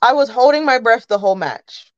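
A woman's voice: a little high, fairly quick, no room sound. Woman telling stories with a muffled lo-fi sound. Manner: animated storyteller. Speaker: podcast guest, wrestling content creator. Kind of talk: casual chat. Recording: dull lo-fi sound.

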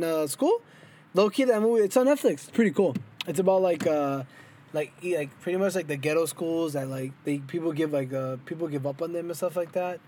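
A man's voice: fairly high pitch, warm tone. A young man co-hosting a casual podcast, rambling with many fillers and joking with his partner, recorded indoors in a car. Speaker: podcast co-host. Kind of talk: casual chat. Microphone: headphones and mic.

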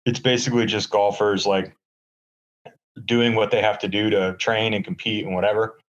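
A man's voice: on the low side, little pitch movement, moderate pace, muffled recording. A man on a podcast, chatting casually and sarcastically with lots of fillers, from a hotel room. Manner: rambling, sarcastic, many fillers. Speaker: podcast co-host. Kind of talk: casual chat.

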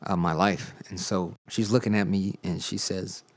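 Young male podcast host, very low voice, relaxed storytelling testimony with filler words. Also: normal speed. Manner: conversational storytelling with many fillers. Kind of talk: casual spoken testimony.

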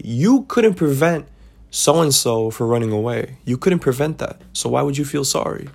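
This podcast host sounds mid-range, creaky and husky, animated at a moderate pace. He talks casually and preachily about life lessons, repeating points and checking in with "right?".

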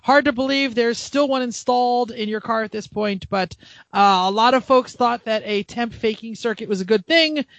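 Male podcast host, very high voice, dry close sound. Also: normal speed, fairly bright tone, no room sound. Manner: easygoing, laughs often. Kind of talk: casual podcast chat.

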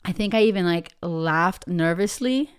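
A fairly low-pitched, clear and resonant voice belongs to an American woman in her thirties who hosts a podcast. At a normal speed, she tells a personal story chattily, leaning on fillers and tag questions like "you know" and "right?"

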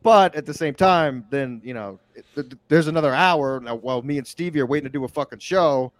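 A man's voice: medium pitch, fairly quick, dry recording. A man co-hosting a podcast, rambling with restarts and swearing casually. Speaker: podcast host.

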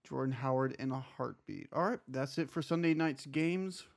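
Man, sports podcast host, dry sarcasm, mid-pitched voice, casual. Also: normal speed, creaky. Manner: dry sarcasm, moves the show along. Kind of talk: casual fantasy football chat.

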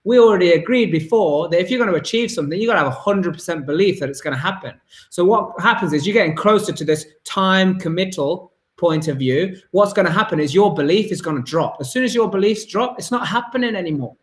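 High-voiced man in an echoey room. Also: animated, fast talker. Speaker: host. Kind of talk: interview and motivational talk.

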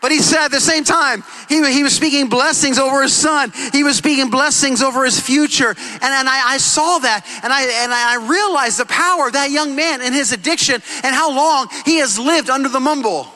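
A man's voice: very high voice, moderate pace, few pauses, pushed and bright, low-quality recording. A middle-aged man preaching a sermon as pastor, emphatic and repetitive, acting out quotes.

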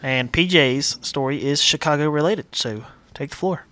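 A man's voice: a little high, moderate pace, a bit bright. A man hosting a casual racing podcast, wry and blunt as he introduces segments. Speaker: podcast host. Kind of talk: casual chat. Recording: faint background noise.

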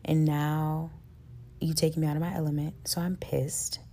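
A woman with a low, flat, gravelly voice that sounds husky and mellow. She hosts a self-help podcast in an earnest, casual monologue full of "like" and "you know". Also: moderate pace. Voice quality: says her voice is high-pitched and gets loud with passion. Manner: earnest, conversational, lots of fillers like "like" and "you know". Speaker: podcast host.

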